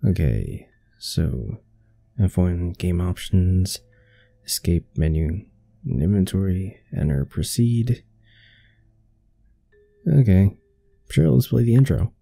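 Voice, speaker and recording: A man's voice: deep voice, lively intonation, slow pace, creaky, pauses often, warm tone, breathy edge. A man hosting a let's play of a game, talking in a casual, self-deprecating way as he starts it up. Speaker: gaming channel host.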